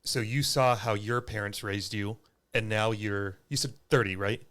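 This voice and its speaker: A man's voice: fairly low pitch, steady tone, moderate pace, fairly bright tone. A man hosting a podcast, asking questions in an easygoing way and apologizing as he asks. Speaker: podcast host. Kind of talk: casual podcast conversation.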